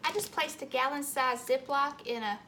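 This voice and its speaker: A woman's voice: sits high, moderate pace, bright, forceful tone, a little hiss or hum. A woman hosting a cooking channel, talking through a recipe in a plainspoken, matter-of-fact way. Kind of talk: casual recipe demonstration.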